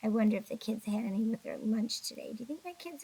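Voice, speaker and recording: A woman's voice: a little high, animated, fast talker, vocal fry, few pauses, warm tone, slightly rough, poor audio. A woman teacher recording a video lesson for young children, patient and encouraging, a little sleepy and yawning. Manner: patient, encouraging, talks to kids directly.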